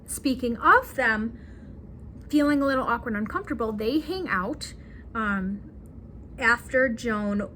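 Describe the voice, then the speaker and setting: A young woman vlogging about a movie in casual chat, giggly and animated, acting out the characters' lines. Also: fairly high pitch, measured pace, long pauses, slight background noise.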